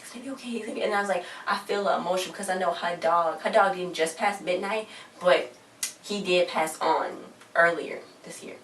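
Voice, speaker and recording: A young woman casually recapping a TV episode, retelling scenes and quoting the characters' lines in a chatty, animated way. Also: lowish voice, distant mic. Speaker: TV show reviewer. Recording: roomy, from off-mic, faint hum.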